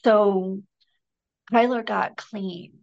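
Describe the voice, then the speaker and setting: A woman's voice: medium pitch, steady tone, drawn-out words, creaky, darkish tone, dull audio. A middle-aged woman from Michigan, a podcast guest talking in a loose, rambling way with many fillers and restarts. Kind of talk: casual conversation.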